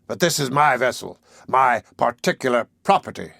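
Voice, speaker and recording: A man's voice: mid-range voice, animated, moderate pace, vocal fry, pushed and bright, dry recording. Man doing a brutal sea captain, threatening, sneering, storybook reading, dry close voice. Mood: menacing. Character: blind brutal male sea captain, menacing.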